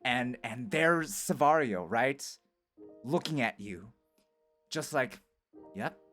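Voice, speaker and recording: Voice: medium pitch, takes it slowly, soft background music. Rambling streamer telling a wild story. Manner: rambling, full of "like" and "right?" tag questions; animated, swings between excited and hushed. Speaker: vtuber streamer. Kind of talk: casual improvised storytelling.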